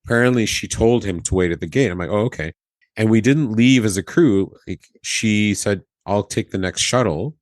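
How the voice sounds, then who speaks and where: At a normal speed and on the low side, a man who used to be a flight attendant tells a story casually on a podcast in a dry recording. He's lively, performing the quoted lines and laughing often.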